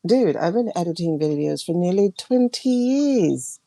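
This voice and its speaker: A woman hosting a tarot livestream, ranting emphatically and repeating herself, her voice swinging between loud and hushed. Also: fairly low pitch, lively intonation, unhurried, vocal fry, slight background noise. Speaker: tarot reader and livestream host.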